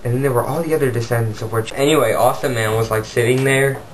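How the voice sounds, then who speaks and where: A man's voice: medium pitch, steady tone, fast, slight background noise, poor audio. Rambling goofy male storyteller. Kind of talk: improvised comic storytelling.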